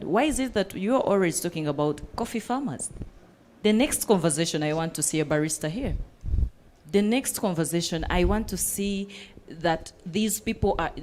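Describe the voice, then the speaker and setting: A woman's voice: lowish voice, a little mellow. A woman panelist who runs a coffee business, speaking earnestly and with passion at a panel discussion, with many fillers.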